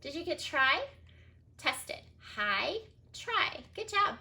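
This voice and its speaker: A woman teaching a reading lesson to young children, pitched a little high and talking very slowly. She sounds out each word and spells it letter by letter. She praises often as she goes. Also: sing-song, sharp tone. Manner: slow, clear, sounds out words and spells letters one by one.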